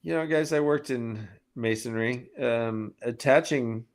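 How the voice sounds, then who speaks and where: A man's voice: mid-range voice, a little slow. A man co-hosting a casual book discussion, recapping a chapter in a rambling way with many fillers. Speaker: podcast co-host summarizing chapters.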